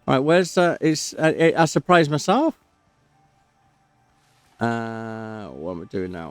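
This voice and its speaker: A man's voice: mid-range voice, takes it slowly, pauses often, smooth, dry recording, soft background music. A man giving casual, chatty gameplay commentary, talking to himself and cracking jokes as he plays. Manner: chatty, self-talking, jokey.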